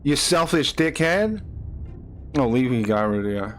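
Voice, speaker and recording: A man's voice: medium pitch, sing-song, a little slow, slight background noise. A man streaming live, ranting angrily at people in his chat, swearing and repeating himself. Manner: angry, profane, repeats himself, rising to shouts.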